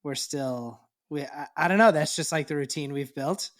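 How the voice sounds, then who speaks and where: A man co-hosting a casual parenting podcast, talking in a relaxed, reflective way and laughing easily. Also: a little high, moderate pace. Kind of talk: casual chat.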